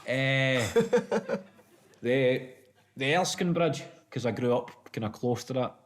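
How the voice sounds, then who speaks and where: A man's voice: medium pitch, animated, slow pace. A Scottish man chatting as a comedian guest, trading laughing, sweary banter. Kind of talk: casual comedic chat. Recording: noisy recording.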